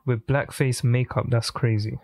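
A man hosting a music reaction, thinking aloud in casual commentary with pauses and restarts. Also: mid-range voice, fairly even intonation, darkish tone, no echo. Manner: thinking aloud, musing and pausing.

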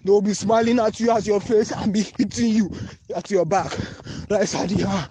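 A man's voice: sits high, steady tone, moderate pace, dark tone, a little hiss or hum. A man with a Nigerian English accent, making an urgent, repetitive, pleading appeal in a phone voice note. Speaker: anonymous voice-note caller. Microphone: phone voice recording.

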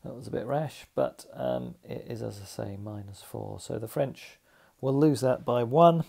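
A man's voice: medium pitch, a little slow, gravelly, a little mellow. A man narrating his own tabletop wargame, working through each dice roll and modifier in a methodical, thinking-aloud way. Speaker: tabletop wargame player narrating a solo game. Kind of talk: casual play-by-play narration.

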